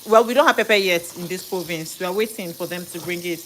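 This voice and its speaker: A woman's voice: fairly low pitch, quick pace, fairly bright tone, a little hiss or hum. A middle-aged woman chatting casually while cooking live at home, thinking aloud and correcting herself as she goes. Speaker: home cook and live streamer. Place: home kitchen.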